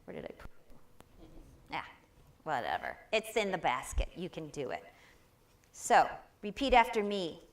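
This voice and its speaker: This woman's inspirational talk, given live at a spiritual center, is spirited and supportive, and she draws answers from the crowd. Her mid-range voice moves at a normal speed, broken by long pauses.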